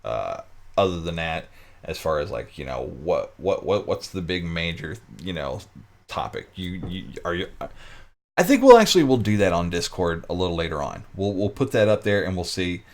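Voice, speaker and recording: A man's voice: deep voice, big pitch swings, normal speed. A man hosting his own live-stream talk show, chatting casually with viewers, full of restarts and jokey asides.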